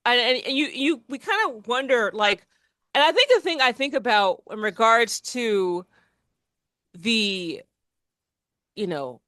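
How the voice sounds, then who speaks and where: A woman's voice: on the high side, animated, a little slow, pauses often, sharp tone, no room sound, clean studio sound. A woman co-hosting a podcast, rambling in casual chat with lots of restarts and fillers. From New Jersey. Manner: rambling, many restarts and fillers, laughs often. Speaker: podcast co-host.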